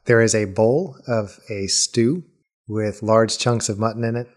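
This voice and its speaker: A man's voice: fairly low pitch, fairly even intonation, measured pace, a little mellow. A man narrating as game master of a tabletop game, descriptive and laughing often.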